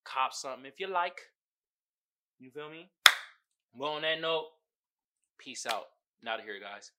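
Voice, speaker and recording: A man hosting his own podcast, ranting casually and profanely, slipping into high mimicking voices. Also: expressive, a little slow, background noise. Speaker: podcast host. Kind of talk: casual solo podcast rant.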